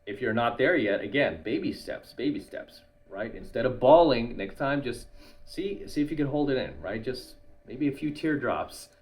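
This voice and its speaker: A man's voice: mid-range voice, lively intonation, normal speed. A man hosting his channel, giving other men advice in a casual monologue and tagging nearly every point with "right?".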